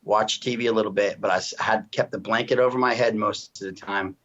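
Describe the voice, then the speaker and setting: A man's voice: on the low side, fairly even intonation, fairly quick, a bit bright. A middle-aged man giving an earnest, emotional personal testimony in a casual interview, often restarting and asking "you know what I mean". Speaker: interview guest. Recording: dull lo-fi sound.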